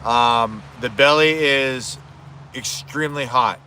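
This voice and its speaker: Bright-voiced man rambling at a cookout. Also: mid-range voice, slow, a little hiss or hum. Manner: rambling, swears casually. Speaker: streamer cooking live. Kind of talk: casual live-stream chat. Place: outdoors at a home cookout.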